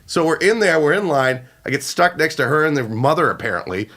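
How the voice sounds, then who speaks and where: A young man co-hosting a podcast, telling a rant in a casual, animated way with swearing. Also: a little high, brisk, slight background noise. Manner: animated, swearing, acts out quotes. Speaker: podcast co-host. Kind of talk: casual ranting story.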